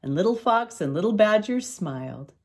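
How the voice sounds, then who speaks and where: An older woman reading a children's storybook aloud in an expressive, unhurried way. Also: mid-range voice. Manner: expressive, slow read-aloud.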